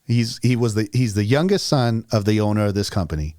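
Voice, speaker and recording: A man in his forties hosting a casual podcast, telling stories in a relaxed, joking way. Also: fairly low pitch, fairly quick, dry recording, clean studio sound. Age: 40s. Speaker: podcast host.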